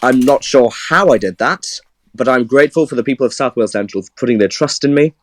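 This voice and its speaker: A man speaking as a guest candidate on a casual livestream, in a relaxed, slightly rambling way. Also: medium pitch, quick pace.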